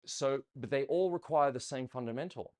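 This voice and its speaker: A man's voice: medium pitch, normal speed, a little mellow. A man teaching ballroom dance in a members' Q and A, explaining patiently, counting steps aloud and checking that his listeners follow.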